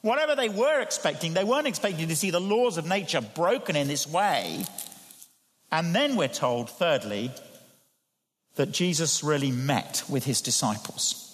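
A man preaching a sermon, his voice rising to emphatic peaks and dropping to hushed tones. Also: a little high, big pitch swings, moderate pace. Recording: long hall reverb.

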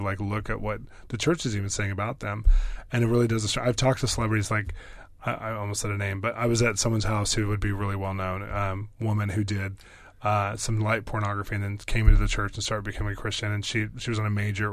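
Low-voiced excitable man telling stories. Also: dry recording. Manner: excitable, fast bursts, many fillers. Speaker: interview guest, pastor. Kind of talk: animated storytelling.

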